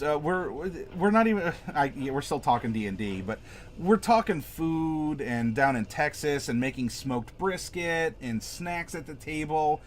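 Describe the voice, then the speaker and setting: A man hosting a live stream from his home desk, chatting casually with viewers and answering the chat aloud in a rambling way. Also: a little high. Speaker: streamer host.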